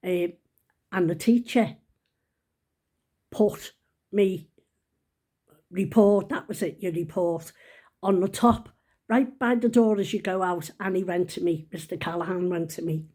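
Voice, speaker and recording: Older woman, 70s, chatty rambling storyteller, mellow tone, laughs at herself. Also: lowish voice, measured pace, pauses often. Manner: chatty, rambling, self-mocking, laughs while telling. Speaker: vlogger. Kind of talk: casual storytelling.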